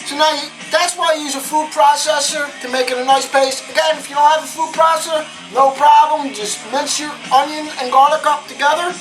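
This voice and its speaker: A high-voiced woman hosts a home cooking lesson, chatty and full of exclamations as she walks through each step. Clear guitar music plays behind her voice. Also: steady tone, fairly quick, hardly any pauses, low-quality recording. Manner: chatty, upbeat, often exclaims "boom" and asks "okay?". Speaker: cooking show host. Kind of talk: casual cooking demonstration.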